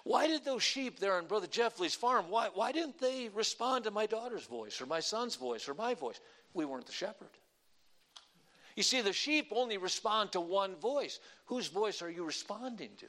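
A man preaching a sermon, quoting scripture and swinging between emphatic outbursts and quiet lines. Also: sits high, big pitch swings, normal speed.

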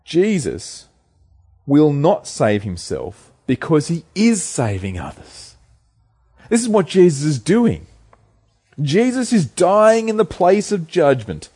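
Lively-voiced man preaching a sermon. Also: fairly high pitch, slow, slightly rough. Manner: earnest, emphatic preaching with rhetorical questions.

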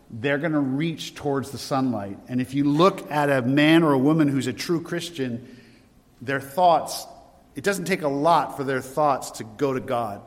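Pastor preaching in a reverberant hall. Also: male voice, medium pitch. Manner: conversational preaching with rhetorical questions. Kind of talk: sermon.

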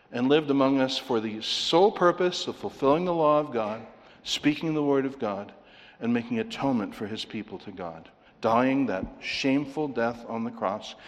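A man preaching an expository sermon in an earnest, explaining way, asking rhetorical questions as he goes through a passage. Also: mid-range voice. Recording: long hall reverb.

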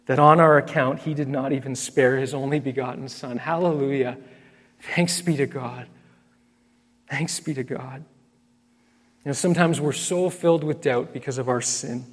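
A man's voice: on the high side, big-room sound. A man preaching a sermon as pastor, earnest and emphatic, repeating key phrases and calling his listeners friends.

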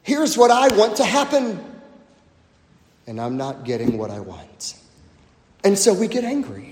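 A man preaches with a high, animated voice that swoops up and down. He takes his time, leaning on words and then dropping to a hush for effect. His voice rings through a large, echoing sanctuary with a long reverb tail. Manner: emphatic preaching with dramatic pauses and sudden drops to near-whisper. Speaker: pastor. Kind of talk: sermon. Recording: echoey hall, long reverb.

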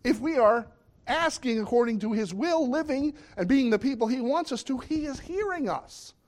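A man's voice: extremely high pitch, lively intonation, moderate pace. A middle-aged man preaching a sermon in a conversational way, often asking the listeners questions. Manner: conversational, asks the audience questions.

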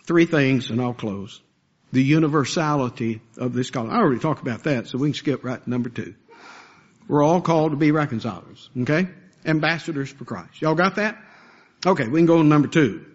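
A man's voice: a little high, brisk. Earnest preaching man, dull recording. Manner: earnest preaching, rising to impassioned pleas. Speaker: pastor. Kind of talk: sermon.

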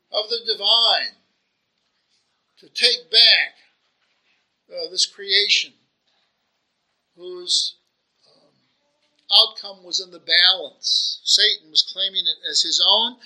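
A man's voice: high-pitched, sharp tone, poor audio. A man preaching a sermon, earnest and searching, asking rhetorical questions and often restarting his phrases.

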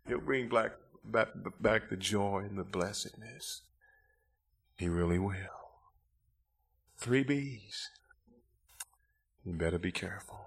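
Middle-aged man, preacher at a church altar call, fervent shouts easing into hushed pleading. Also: fairly low pitch. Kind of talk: revival sermon with altar call. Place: church sanctuary.

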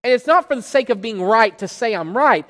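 A preacher giving an expository sermon, pressing hard on key words and then dropping low and quiet, often repeating phrases while building a point. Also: animated, brisk. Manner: emphatic, swinging between loud stresses and quiet drops. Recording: long hall reverb.

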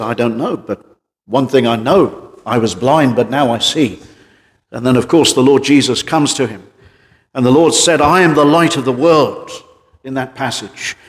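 A man preaching an evening sermon as pastor, emphatic, with drops into a quiet voice. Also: mid-range voice. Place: church. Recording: church hall reverb.

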